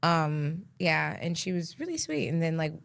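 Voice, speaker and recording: A woman's voice: deep voice, normal speed, vocal fry. Giggly American woman, chatty co-host. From United States. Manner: giggly, animated storytelling. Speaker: podcast co-host and comedian. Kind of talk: casual chat.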